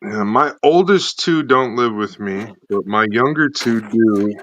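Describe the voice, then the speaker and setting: A man in his forties, a guest in a casual chat, talking in a halting, hesitant way full of fillers. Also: on the low side, a bit bright, no echo, highs cut off.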